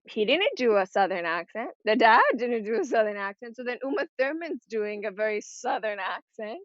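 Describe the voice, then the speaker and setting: A woman co-hosting a podcast in loose, rambling casual chat, swearing freely and laughing as she goes. Her voice sits a little high. The sound is dry and dull, like a lo-fi recording. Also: expressive, normal speed, no room sound. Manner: rambling, swearing, laughs often while talking. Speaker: podcast co-host.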